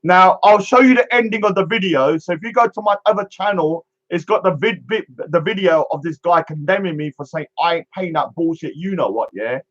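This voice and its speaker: Man, vlog commentary, mocking and repetitive, high voice, muffled recording. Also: brisk, few pauses, a bit bright. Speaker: street speaker and vlogger.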